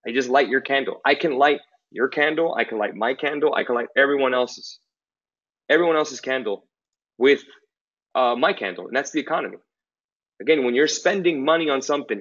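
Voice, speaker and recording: A man's voice: medium pitch, fairly bright tone, highs cut off. Emphatic man hosting a finance webinar. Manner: emphatic, repeats phrases for emphasis. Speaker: webinar host answering finance questions. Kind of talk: motivational talk.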